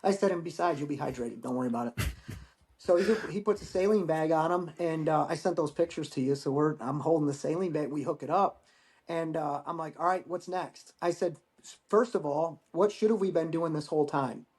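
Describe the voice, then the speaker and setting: A man in his forties, a Marine veteran guest, telling war-training stories in a casual, profane, animated way. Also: a little high, brisk. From United States. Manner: profane, animated storyteller acting out dialogue. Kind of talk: casual storytelling interview.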